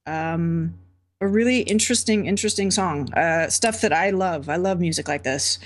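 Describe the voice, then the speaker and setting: A lower-pitched woman reviewing a song on a panel, upbeat and thoughtful. She talks through her points loosely, with many ums and restarts. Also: normal speed. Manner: enthusiastic, warm praise with many fillers. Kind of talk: casual panel critique.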